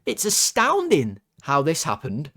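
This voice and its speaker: A man's voice: fairly high pitch, wildly swooping pitch, measured pace, fairly bright tone. A man ranting heatedly as he rates his team's players after a loss, swearing and exasperated. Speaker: football fan channel host. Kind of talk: angry ranting player ratings.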